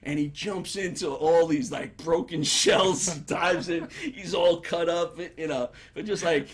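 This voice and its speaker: A man who is a guest on a talk show, telling stories in a casual, animated way and laughing as he talks. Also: on the high side, unhurried, crowd noise. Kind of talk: casual storytelling.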